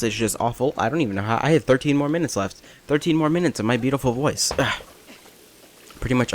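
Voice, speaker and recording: A man's voice: medium pitch, slight background noise. Rambling self-mocking young man. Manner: self-deprecating, rambling, jokey. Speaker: gameplay commentator. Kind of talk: rambling let's play commentary.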